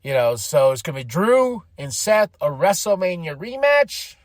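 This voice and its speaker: A man hosting a podcast, casually recapping events with animated energy, laughing often and acting out quotes. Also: on the high side, moderate pace, no room sound, clean studio sound. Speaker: podcast host.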